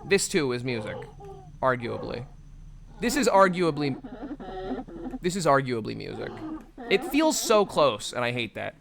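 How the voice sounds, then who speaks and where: A man's voice: mid-range voice, big pitch swings, measured pace, creaky, pauses often, noisy background. A man streaming a game, reading its text aloud with stumbles and swearing at himself in a self-mocking way.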